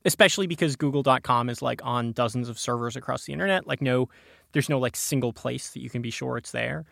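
A man guesting on a tech podcast talks fast about encryption in a gravelly, mid-range, slightly bright voice. He restarts sentences, fills gaps with filler words, and chuckles often. The studio-quality sound has no room noise.

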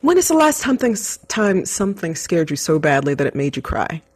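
A middle-aged woman chatting casually as a co-host, telling a story with lively laughter. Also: fairly low pitch, brisk, husky. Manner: animated storyteller, laughs often.

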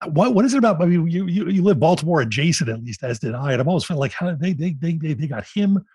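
Husky-voiced male podcast host. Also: a little high, expressive, a little mellow. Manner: laughs easily, quick affirmations. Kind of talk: casual conversation.

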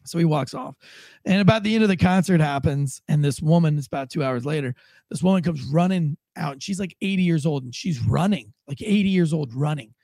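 A man, a former police officer, telling a profane story in a casual, animated way and acting out the quotes. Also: fairly high pitch, fairly quick, no echo.

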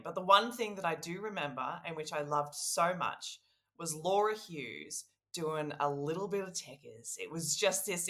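A woman co-hosting a sports podcast, telling stories in an animated, excitable way. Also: lowish voice. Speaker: podcast co-host. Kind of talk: casual sports podcast chat.

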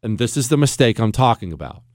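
A man's voice: mid-range voice, very animated, fast, a little mellow, dry recording, clean studio sound. A man hosting a talk radio show, ranting in an opinionated monologue with sarcastic, mocking asides.

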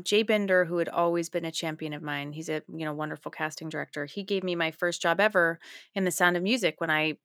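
A middle-aged woman speaks as an interview guest, her voice sitting low. She tells stories with energy and slips into the voices of the people she quotes. The sound is dry and close. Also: no room sound. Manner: animated storytelling, acts out quotes. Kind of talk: casual interview chat.

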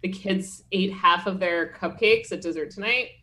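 A woman's voice: medium pitch, moderate pace, bright, forceful tone. A woman co-host in easygoing conversation. Her talk is chatty and wry, and she often pokes fun at herself. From Pennsylvania, US. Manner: chatty, wry, self-deprecating. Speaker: podcast co-host. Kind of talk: casual chat.

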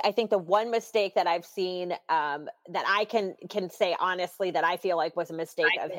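A woman co-hosting a casual sports podcast, chatting as an excited fan with plenty of fillers. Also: fairly low pitch, long reverb tail. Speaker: podcast co-host.

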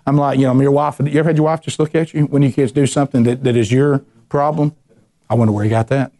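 A middle-aged man preaching a sermon, telling lively personal stories and acting out the voices in them. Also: mid-range voice, quick pace, background noise. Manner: animated storyteller, acts out voices, ranting bursts.

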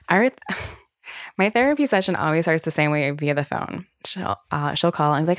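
A woman's voice: deep voice, fairly quick, no echo, clean studio sound. A young adult woman hosting a solo podcast, talking candidly and casually with lots of fillers and the odd swear word. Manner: candid, chatty, swears freely, many fillers. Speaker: podcast host.

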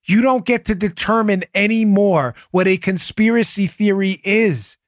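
A man's voice: high voice, moderate pace, dry recording, studio quality. A male podcast host giving mocking political commentary, reacting to clips with sarcasm and laughter.

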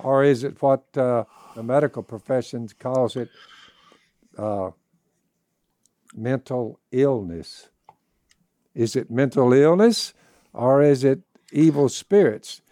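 Mellow-voiced man reading scripture. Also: mid-range voice, slow, pauses often, dry recording, clean studio sound. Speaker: podcast host, father.

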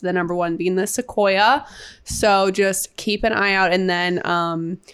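A young woman from the Midwest co-hosting a casual podcast, friendly and animated when telling stories. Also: on the low side, clean tone. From Midwestern United States. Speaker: podcast co-host. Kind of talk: casual chat.

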